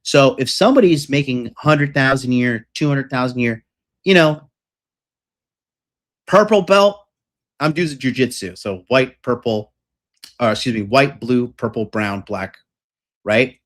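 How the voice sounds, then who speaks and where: A man's voice: medium pitch, a little slow, long pauses, a bit bright. A man coaching on dating and success in a ranting monologue, profane, boastful and combative.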